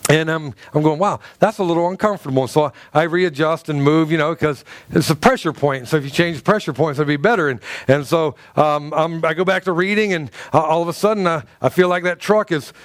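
Animated male pastor, high voice, dry close sound, comic sermon delivery. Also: brisk, few pauses, dry recording. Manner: animated storyteller, acts out groans and quotes, many restarts. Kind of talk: sermon with humorous personal story. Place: church sanctuary before a live congregation.

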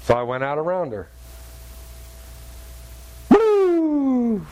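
Man, middle-aged, preacher, sermon, animated storyteller, acts out voices, fairly high voice. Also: normal speed, a little hiss or hum.

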